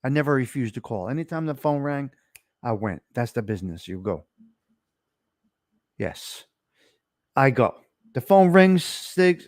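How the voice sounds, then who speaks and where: A man's voice: on the high side, dry recording, studio quality. Blunt, profane male storyteller. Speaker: show host. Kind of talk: casual storytelling chat.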